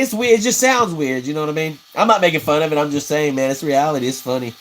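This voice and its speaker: A man with a voice on the high side and a bit bright streams live while crafting custom fishing rods, talking fast with hardly any pauses and lively intonation. He rambles in a folksy manner, reads viewer comments and laughs at his own stories, with slight background noise on a low-quality recording.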